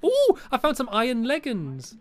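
A woman's voice: sits high, huge pitch swings, normal speed. A woman playing a video game with a friend, chatting casually and giggling often. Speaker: gamer. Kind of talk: casual let's-play chat.

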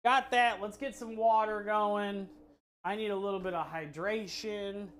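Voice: medium pitch, steady tone, unhurried, fairly bright tone. A streamer cooking live and chatting with viewers, telling a long, rambling story full of swearing and restarts. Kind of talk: casual chat with live chat while cooking.

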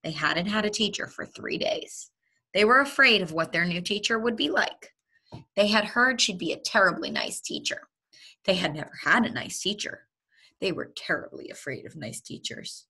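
Brief: woman teacher, children's read-aloud, breathy and expressive. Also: mid-range voice, normal speed. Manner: lively and expressive, with chuckles. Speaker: teacher reading to her students.

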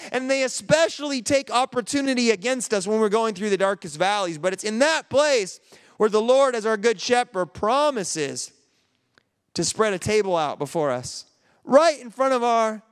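A male pastor delivers an earnest, conversational sermon, often restarting his sentences. His voice sits high and sounds smooth and resonant. The long reverb of a large hall trails after each phrase. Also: expressive, moderate pace.

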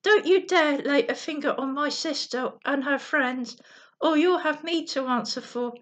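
A woman's voice: sits high, a little slow, fairly bright tone. A woman reading a bedtime storybook, voicing a protective older brother who speaks firmly.

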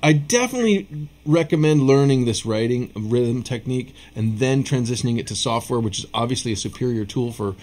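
A man teaching rhythm writing in a relaxed video lesson, counting and scatting beats aloud, with a casual, self-deprecating manner. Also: medium pitch, fairly quick. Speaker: music teacher.

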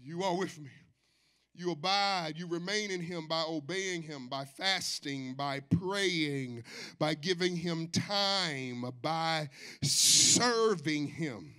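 Man, pastor, preaching in a church, high and bright voice, call-and-response, soft to shouting. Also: takes it slowly, smooth. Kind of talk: sermon. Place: church sanctuary.

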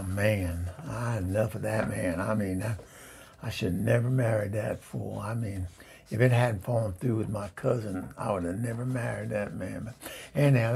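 A man playing a gravelly sassy divorcée. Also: fairly low pitch, darkish tone, exaggerated voice. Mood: grumbling. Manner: exasperated, sassy put-downs, flustered stammering. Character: sassy Southern divorced woman, much-married, sharp-tongued. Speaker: comedy show regular. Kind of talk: comedic phone-call monologue.

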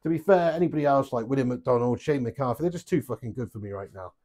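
Playing webcam darts on a live stream, a young man chats and jokes at a quick pace, his medium-pitched voice animated and a little mellow. He swears freely and addresses his viewers as lad and mate.

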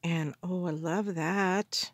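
A woman in a casual craft haul video, gushing with excited gasps and exclamations over the supplies she unpacks. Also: lowish voice, slow pace, dry recording, studio quality. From Canada. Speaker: crafter unboxing mail.

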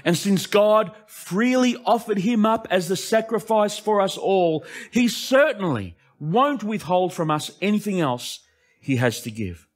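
A male pastor preaching an impassioned sermon that swings between emphatic lines and hushed asides. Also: sits high, lively intonation, a little slow, hardly any pauses.

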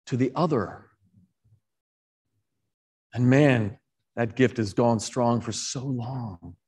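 A man preaching a conversational sermon as a parish priest, animated, often correcting himself and talking to the congregation directly. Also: medium pitch. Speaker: priest and rector. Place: church.

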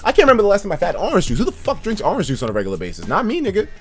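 A man's voice: high voice, very fast, faint music behind. A man streaming a game, chatting casually with his viewers, swearing freely and laughing often. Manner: profane, animated, laughs often, talks straight to chat. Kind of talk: casual livestream chat reacting to chat and a game.

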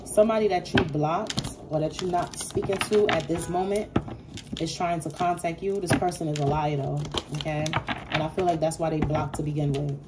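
A woman giving a casual tarot reading, blunt and profane, acting out imagined quarrels in an animated way. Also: deep voice, moderate pace, very noisy. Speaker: tarot reader.

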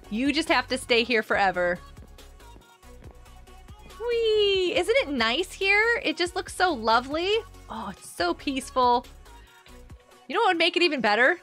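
Bubbly high-voiced woman streamer. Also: sharp tone. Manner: bubbly, giggly, chatty, reading chat aloud. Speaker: streamer hosting a game server. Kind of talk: casual live-stream chat with viewers.

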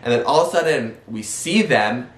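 A young man in his twenties, a vlogger telling a story in an animated way, acting out his own quoted lines. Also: medium pitch, normal speed, roomy sound. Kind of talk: casual storytelling.

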